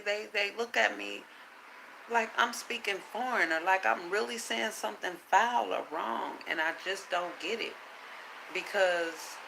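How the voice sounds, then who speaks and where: A woman talks straight to her viewers in an unscripted vlog, bright and forceful in tone. She is blunt and swears freely, yet keeps a calm, lecturing cadence full of rhetorical questions. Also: mid-range voice, gravelly, slight background noise, low-quality recording. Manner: blunt, profane and emphatic; calm, preachy self-talk with rhetorical questions. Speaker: vlogger. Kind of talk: casual unscripted monologue.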